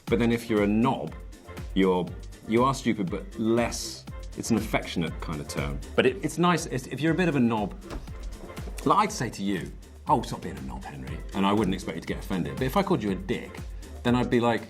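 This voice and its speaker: A man's voice: on the low side, expressive, a little fast, soft background music. A man explaining slang in a playful, chatty way during an interview clip.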